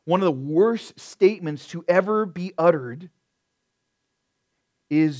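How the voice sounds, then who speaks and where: Emphatic male preacher, slightly high voice. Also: animated, measured pace. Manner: emphatic, shifts between loud stresses and quiet asides; addresses listeners as beloved. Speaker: pastor. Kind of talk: sermon.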